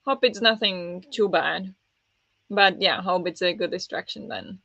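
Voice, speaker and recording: Hosting a livestream book discussion, this woman talks in a fairly low, creaky voice that sounds pushed and bright, taking her time. Her manner is friendly and casual, full of ums, and she answers chat by name. The dull lo-fi microphone captures her dry, with no room sound.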